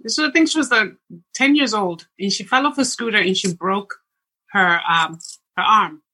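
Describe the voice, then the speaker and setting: A woman's voice: medium pitch, normal speed, breathy edge, rough recording. A woman co-hosting a podcast, telling stories in casual chat and laughing often. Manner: laughing, lively storyteller. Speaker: podcast co-host.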